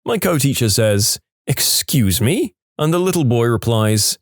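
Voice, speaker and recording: Man, story narrator, deadpan, lively low voice, dry recording. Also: moderate pace, dry recording. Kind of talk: reading Reddit stories aloud.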